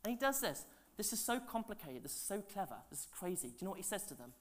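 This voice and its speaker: Male pastor, lively sermon storyteller, loud then hushed, chatty asides. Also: sits high, fast. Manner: animated, swings between loud and hushed.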